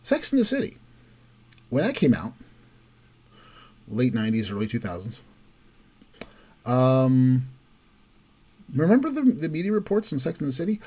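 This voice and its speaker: A man's voice: mid-range voice, wildly swooping pitch, normal speed, long pauses, a little mellow, breathy edge. A man hosting a political commentary show, delivering an opinionated monologue and mocking others with quoted voices. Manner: emphatic, mocking quotes in raised voice.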